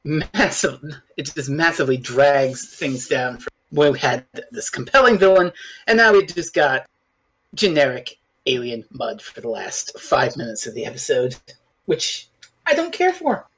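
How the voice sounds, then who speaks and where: A podcast guest in a casual review chat, talking in an animated, blunt way and swearing casually. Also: medium pitch, moderate pace, slightly rough.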